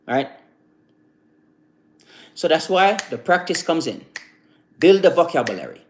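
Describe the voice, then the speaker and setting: A man hosting a live stream, giving a casual motivational talk that rambles and repeats, full of "you know" fillers. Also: fairly high pitch. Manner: recites slow calm affirmations.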